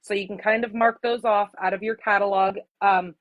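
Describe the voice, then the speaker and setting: A woman's voice: mid-range voice, steady tone, normal speed, no echo, highs cut off. A woman in her forties from Arizona hosting a casual craft livestream, chatting with viewers and greeting them by name, sometimes emotional. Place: home craft room.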